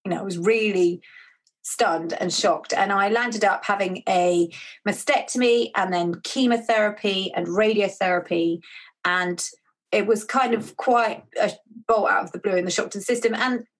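A woman, telling a personal story in a chatty, animated way as an author guest. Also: mid-range voice, normal speed. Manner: animated, chatty, acts out quoted dialogue. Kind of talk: conversational storytelling.

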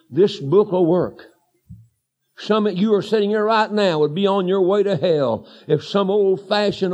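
Man, evangelist preacher, high voice, folksy yarns that rise into shouted preaching, muffled sermon tape. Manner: folksy storytelling that builds to shouted declarations. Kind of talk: fiery revival sermon. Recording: dull lo-fi sermon recording.

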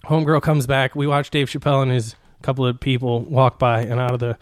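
A man's voice: medium pitch, flat delivery, brisk, no echo, studio quality. A man casually telling a long rambling story on a podcast, cursing freely and laughing as he goes. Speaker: podcast host.

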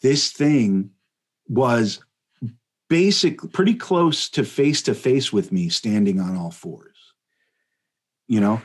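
A man tells a funny story on a podcast in an easygoing, animated ramble, leaning on "like" and "you know". His voice is husky and sits in a middle pitch, and he laughs through his own lines. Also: slow pace, long pauses. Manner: animated, rambling, laughs mid-sentence, many fillers. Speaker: podcast guest telling a story. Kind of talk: casual comedic storytelling.

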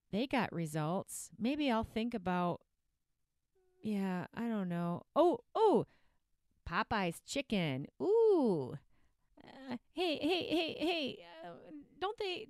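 A woman's voice: on the high side, dry recording, studio quality. A woman voicing a self-pitying, procrastinating dieter who rambles and keeps getting distracted by food, in a comedic skit inside a podcast. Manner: rambling, procrastinating, easily sidetracked.

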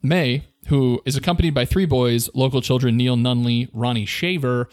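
A man's voice: mid-range voice, fairly even intonation, normal speed, no room sound, clean studio sound. A man co-hosting a podcast, telling a story in a playful, joking way and laughing often. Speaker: podcast co-host. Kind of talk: casual storytelling chat.

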